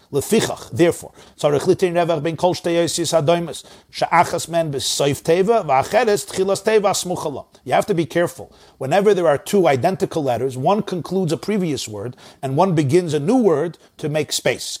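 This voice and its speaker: A man with a slightly raised, husky voice teaches a religious text line by line. He reads each Hebrew phrase in an Ashkenazi pronunciation, then explains it in English and repeats words slowly as examples. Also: fairly high pitch, animated, a little mellow. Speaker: Torah teacher.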